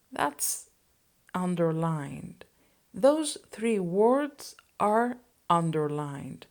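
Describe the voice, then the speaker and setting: Woman teacher, slow, methodical lesson delivery. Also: medium pitch, darkish tone. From Spain. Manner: slow and deliberate, explaining phrases and conjugations. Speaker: Spanish teacher. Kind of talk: scripted language lesson.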